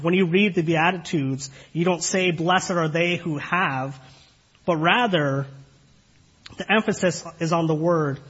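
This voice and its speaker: A man preaching a sermon in an earnest, measured way, asking the listeners questions and pausing often on fillers. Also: a little high, fairly bright tone, husky. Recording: dull lo-fi recording.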